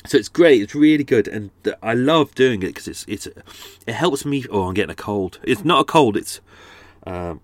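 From a houseboat, a man hosts his podcast in a medium-pitched voice with lively intonation at normal speed, his nose a little blocked. The conversation is casual and rambling, peppered with asides and restarts. He's close to a studio microphone, giving a dry sound.

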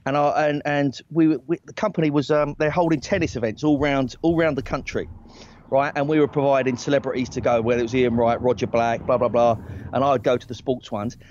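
A man's voice: mid-range voice, steady tone, brisk, a little mellow. A man in his forties, a talent agent and guest, telling stories in a rambling, self-deprecating way, with many restarts and laughs. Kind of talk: casual anecdotal chat. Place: outdoors in a hammock. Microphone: earbuds. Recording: dry, slightly dull sound.

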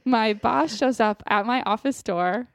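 A giggly woman in her thirties co-hosts a casual chat podcast, telling upbeat anecdotes. Her voice is a bit higher than average. The sound is dry and close-miked. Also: a little slow, smooth, dry recording. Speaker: podcast co-host.

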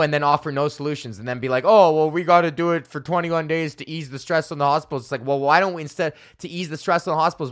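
A man's voice: fairly high pitch, a bit bright. A young man, a stand-up comedian, ranting casually and sarcastically, swearing often and sounding exasperated. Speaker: podcast host and stand-up comedian.

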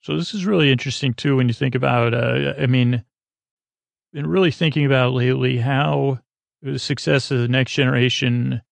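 A man's voice: mid-range voice, fairly even intonation, moderate pace, creaky, dry recording. A man hosting a podcast, casually retelling a TV episode as a bedtime story, rambling loosely with many hesitations. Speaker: podcast host.

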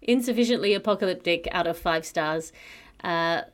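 A woman hosting a comedy podcast, introducing segments and making dry quips, with a slightly low voice. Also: normal speed. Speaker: host.

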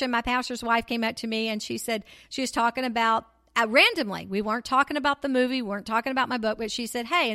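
A middle-aged woman with a drawl tells a personal faith story to her listeners. Her voice is bright and a little high, and she speaks with the lively, rising fervor of a preacher. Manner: animated, preacherly storytelling that builds to excited exclamations. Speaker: podcast host. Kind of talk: faith-based testimony talk.

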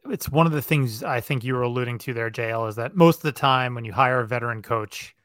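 A man's voice: medium pitch, fast talker, a bit bright, no room sound. A man hosting a sports podcast, thinking aloud in a conversational way during casual chat. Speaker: podcast host.

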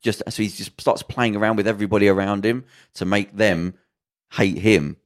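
A man's voice: fairly low pitch, fairly even intonation, normal speed. A man on a podcast, casually retelling a drama's plot and acting out the characters' lines, swearing freely. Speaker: podcast co-host.

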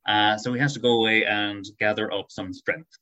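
A man's voice: on the low side, steady tone, a little fast, bright, forceful tone, lo-fi sound. A man co-hosting a podcast, explaining things in a hesitant way with many fillers. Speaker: podcast co-host. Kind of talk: casual chat reviewing a show.

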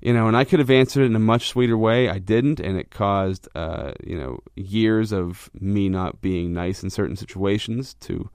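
A man's voice: lowish voice, moderate pace, hardly any pauses, a little mellow, smooth, dry recording, studio quality. A man hosting a podcast, talking candidly and self-reflectively about his own frustrations, with a rambling delivery full of restarts. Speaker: podcast host. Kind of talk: candid personal monologue.

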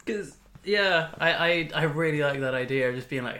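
A man's voice: on the high side, a little fast, sharp tone. A man co-hosting a comedy podcast, talking in a playful, joking way and laughing often. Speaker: podcast co-host. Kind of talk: casual comedic chat.

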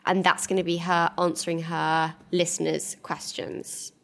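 Chatty young woman with vocal fry. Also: fairly low pitch, level tone, unhurried. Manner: chatty, trails off with "like" and "whatever". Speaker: podcast co-host. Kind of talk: casual chat.

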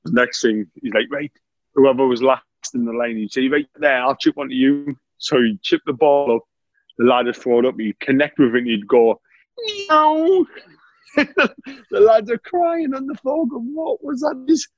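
In a casual chat, this ex-player in his 30s spins lively dressing-room yarns, laughing often and scattering "mate" throughout as a guest. He talks at normal speed in a mid-range voice, and the close, dry recording has its highs cut off.

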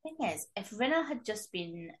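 Chatty woman co-host, mid-range voice, eager and quick to laugh. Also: medium pitch, sing-song, fairly bright tone. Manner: enthusiastic, laughs often. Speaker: podcast co-host. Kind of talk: casual chat.

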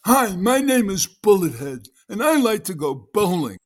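A man's voice: sits high, big pitch swings, moderate pace, pitched above the performer's own voice. A man putting on a funny voice with a New York accent to play a cheerful bald man who loves bowling. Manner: put-on funny voice, singsong and eager. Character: bald male bowling fan, cheerful and goofy.

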